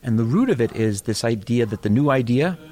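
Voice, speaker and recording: A middle-aged man from Boston and New York, chatting about innovation and acting out characters as he tells jokes. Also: medium pitch. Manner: animated storyteller, quick, acts out characters. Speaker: speaker on innovation. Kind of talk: casual chat with comic impressions.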